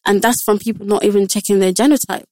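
A woman's voice: mid-range voice, steady tone, quick pace, a little mellow, no room sound. A young woman guest on a podcast, talking candidly and earnestly about her daily life and quoting others in short exchanges. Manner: frank, earnest, quotes others in dialogue. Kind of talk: candid personal talk.

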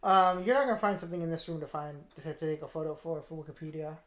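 A woman co-hosting a podcast, chatting casually with wry, deadpan asides while watching a movie. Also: deep voice, fast, reverberant. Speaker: podcast co-host.

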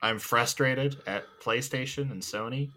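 A young man co-hosting a podcast in casual chat, telling a story in an animated, blunt way and cursing freely. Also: medium pitch, measured pace. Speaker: podcast co-host.

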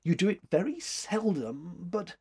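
A man's voice: high voice, very animated, measured pace, dark tone, husky, voice pushed up, exaggerated voice. A man reading the part of a frightened, tender young woman, pleading and breathless in an old-fashioned storybook. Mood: fretful. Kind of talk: audiobook character reading.

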